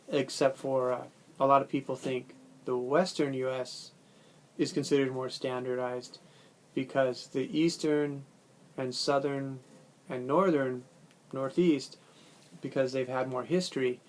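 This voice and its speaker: Flat-voiced Californian man lecturing. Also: mid-range voice, a little hiss or hum. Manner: relaxed, loose delivery with frequent fillers and self-corrections. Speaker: language teacher. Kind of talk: recorded video lecture.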